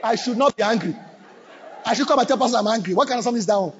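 A man preaching a sermon, animated, mimicking church members and breaking into shouts. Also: extremely high pitch, rapid-fire, some chatter behind. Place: church hall. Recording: dull recording with long hall reverb.

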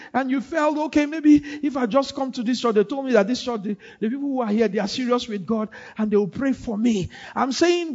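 A man with a high voice preaches a sermon in a church, repeating phrases and pressing the congregation to answer him. He swings between quiet stretches and shouts. The recording is dull and lo-fi. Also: gravelly. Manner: repetitive, call-and-response, rising to shouts. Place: church hall.

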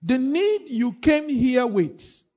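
High-pitched male preacher, repetitive call-and-response sermon, dull lo-fi church recording. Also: very animated, slow pace, darkish tone. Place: church hall.

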